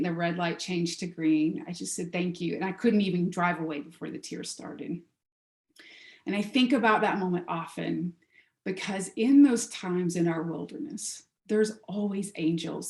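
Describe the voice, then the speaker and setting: A woman giving a heartfelt spiritual talk over a video call, telling a story gently before leading a meditation. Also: lowish voice, echoey room. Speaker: guest speaker.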